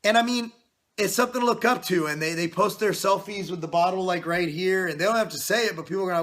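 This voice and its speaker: Out-of-breath, bright-voiced man in his 40s. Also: high-pitched, fairly quick. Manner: loud, passionate and swearing, with many "you know" fillers. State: out of breath with a stuffy nose. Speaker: fitness channel host. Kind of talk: casual vlog talk to camera. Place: home basement.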